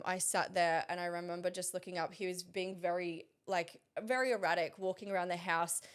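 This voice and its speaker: A woman, recounting a personal story as an interview guest, halting with frequent pauses and restarts. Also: lowish voice, clear, resonant tone.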